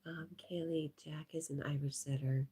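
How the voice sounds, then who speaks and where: A woman hosting a casual livestream, chatting and reading viewer comments aloud. She sounds stuffy-nosed and talks softly to her dog between comments. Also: low voice, fairly even intonation, normal speed, breathy edge. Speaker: livestream host.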